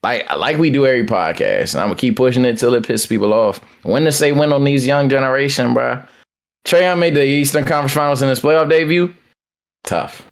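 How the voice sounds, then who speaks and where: Male podcast co-host, mid pitch, casual sports banter, animated, restarts his sentences, slangy. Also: fairly quick, gravelly. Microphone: headset.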